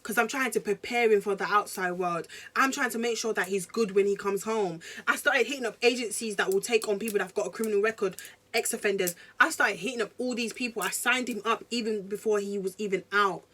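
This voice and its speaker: A young woman, telling a story to camera in casual slang, animated and talking straight to her viewers. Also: medium pitch, a little fast. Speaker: vlogger.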